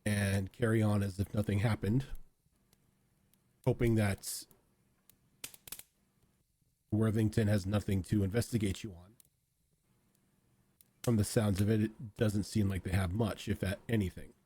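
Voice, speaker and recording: Man, game master, tabletop narration, relaxed, fairly low voice. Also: a little slow, pauses often, husky.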